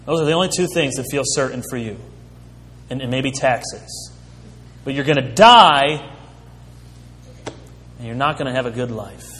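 A man preaching a sermon as a pastor, slow and emphatic, with dramatic pauses. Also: mid-range voice, animated, a bit bright. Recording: long hall reverb.

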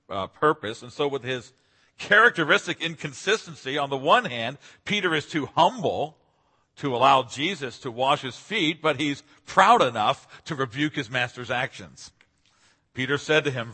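A man preaches an earnest expository sermon, and his voice lifts to stress key points. His tone is bright but somewhat husky. The sound carries a long reverb, as if from a large hall. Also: mid-range voice. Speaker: pastor.

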